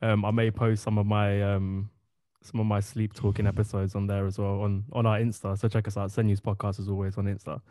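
A man's voice: fairly low pitch, little pitch movement, fairly quick, mellow, no echo. A man co-hosting a podcast, chatting casually with lots of fillers and laughter. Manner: laughing, rambling with many fillers. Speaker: podcast co-host. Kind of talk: casual chat.

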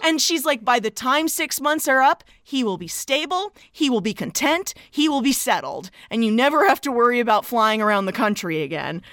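A woman co-hosting a podcast, recapping a movie in casual, animated chat and gushing as she acts out quotes. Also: a little high, moderate pace, hardly any pauses. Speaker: podcast co-host.

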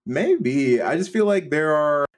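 A man co-hosting a casual movie-review podcast, rambling in a relaxed way with plenty of "like". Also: on the high side, a little slow. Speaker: podcast co-host.

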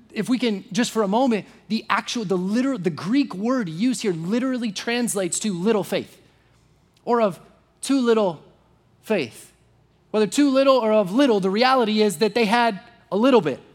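A young man preaching a sermon in a conversational way, full of fillers and restarts, acting out quoted voices. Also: high-pitched. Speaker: pastor.

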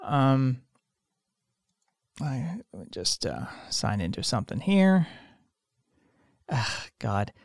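Male solo podcast host, sleepy and meandering, mid-pitched resonant voice, dry close mic, casual cursing. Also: big pitch swings, very slow, long pauses, no echo. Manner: meandering, frequent fillers and restarts, swears casually. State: tired, yawning. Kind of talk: casual rambling monologue.

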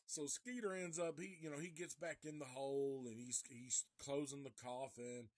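A man casually reviewing a horror film live, retelling the plot in a profane, animated way. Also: medium pitch, moderate pace, hardly any pauses, no echo, studio quality. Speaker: movie reviewer.

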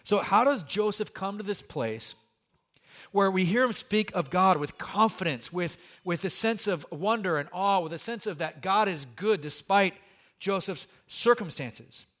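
A man preaching a sermon as pastor, conversational and animated, with humorous asides to the congregation. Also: high-pitched, measured pace.

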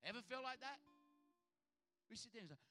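High, bright-voiced pastor preaching. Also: male voice, a little fast, soft background music. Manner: lively, conversational preaching with acted quotes and repeated restarts. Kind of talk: sermon. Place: church hall.

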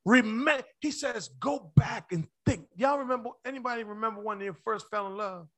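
A man preaching a sermon, calling out to the congregation, with playful asides and bursts of shouting. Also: extremely high pitch, normal speed. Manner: preaching with rising shouts, call-and-response to the congregation. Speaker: pastor.

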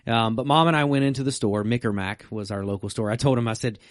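A middle-aged man, a pastor co-hosting a podcast, chatting casually and telling stories in a relaxed way. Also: mid-range voice, fast, no echo, clean studio sound. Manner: storytelling, relaxed and conversational. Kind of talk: casual chat.

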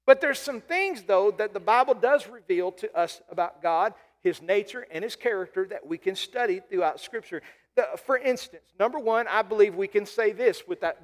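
High-voiced preaching pastor, long reverb. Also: male voice. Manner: emphatic preaching with repetitions and call-outs to the congregation. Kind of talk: sermon.

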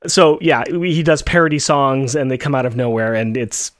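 A man in his thirties co-hosting a podcast, explaining things at length in casual chat with quick restarts. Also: medium pitch, dry recording. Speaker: podcast co-host.

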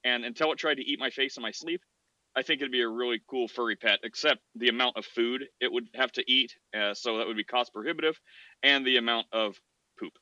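A man's voice: medium pitch, fairly quick, sharp tone, no echo, muffled recording. Guy hosting a podcast, rambles and gets worked up, dry no-room sound. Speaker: podcast host. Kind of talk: casual podcast monologue.

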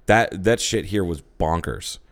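A man's voice: deep voice, measured pace. A man from Ohio co-hosting a podcast, chatting casually in a rambling, profane way with lots of restarts. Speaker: podcast co-host. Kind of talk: casual chat.

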